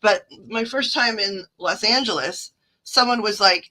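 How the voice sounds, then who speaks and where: Midwestern woman rambling on her livestream, bright tense voice, talking into a phone. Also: mid-range voice, a little slow, poor audio. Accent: Midwestern American. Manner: chatty and digressive, reading the chat aloud. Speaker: card reader and livestream host. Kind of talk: casual livestream chat.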